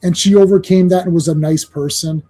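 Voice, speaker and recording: A man's voice: high-pitched, steady tone, brisk, warm tone. A man co-hosting a comics podcast, ranting in casual chat, swearing and acting out quotes in voices. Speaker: podcast co-host.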